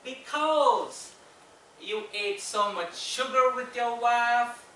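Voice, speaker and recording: A man's voice: very high voice, slow, bright, forceful tone, slight background noise, voice pushed up, heavily acted. A man putting on a drawling southern nurse. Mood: teasing. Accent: put-on US Southern. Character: brash female southern nurse. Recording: echoey room, far mic.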